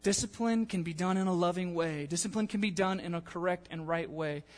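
A young man preaching a sermon in a church in a casual, animated way, acting out the people he quotes. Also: high voice, a little fast. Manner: animated, conversational, acts out quotes. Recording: long church-hall reverb.

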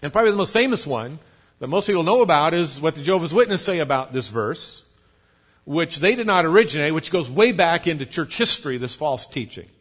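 Guy preaching in church, kinda high voice, spells stuff out and cracks little jokes. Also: expressive, fairly quick, a bit bright, breathy edge. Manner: explanatory, lightly joking, spells out words. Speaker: pastor. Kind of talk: sermon teaching.

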